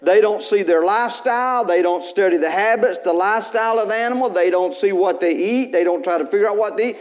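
A male pastor, preaching a sermon in church in a folksy storytelling way, with bursts of loud preaching. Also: sits high, quick pace.

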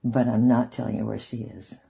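A man's voice: medium pitch, flat delivery, fairly quick, vocal fry, dark tone, muffled recording. A man reading aloud, voicing a defiant, outspoken young girl who answers firmly. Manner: defiant, firm.

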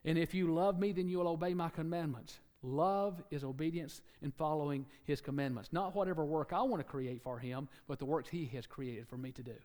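A man preaching a sermon, animated, acting out quotes and joking with the congregation. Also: fairly high pitch, brisk, few pauses, in a large hall.

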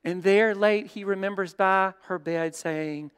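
List: man, pastor, sermon, high smooth voice, long church reverb. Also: fairly even intonation, unhurried, hardly any pauses. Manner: storytelling, shifts between loud and hushed.

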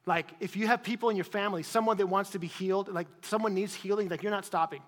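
A male pastor preaching an insistent sermon, repeating phrases and rising to sudden loud peaks. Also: high-pitched, fairly even intonation, fast, hardly any pauses. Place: church hall. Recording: reverberant church hall.

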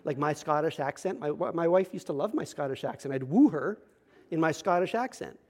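A little fast and animated, this slightly high-voiced young male pastor preaches through a personal story, alternating hushed asides with booming, emphatic sections.

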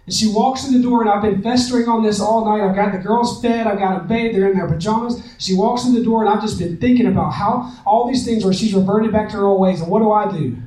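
A man's voice: high-pitched, a little fast, darkish tone. A man giving a conversational sermon-style talk on relationships, repeating phrases for emphasis and laughing often. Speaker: church speaker on relationships. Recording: echoey room, mic at a distance.

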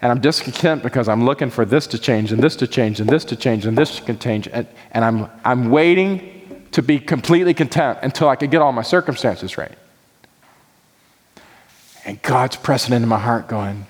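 A man preaching a sermon from the front of a church sanctuary. His delivery is earnest and pleading, with prayerful passages spoken from the heart. His voice sits at an ordinary pitch and carries a long hall reverb. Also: normal speed. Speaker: pastor.

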